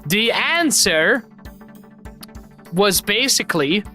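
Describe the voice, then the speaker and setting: A woman streamer giving loud, playful commentary over a party game, laughing and swearing freely as she goes. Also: medium pitch, sing-song, slow pace, soft background music.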